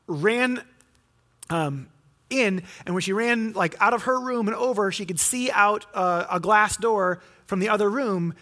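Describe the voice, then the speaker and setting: A pastor preaching a sermon, telling a story and acting out what people say. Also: male voice, pushed and bright. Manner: storytelling, acting out quotes with rising pitch.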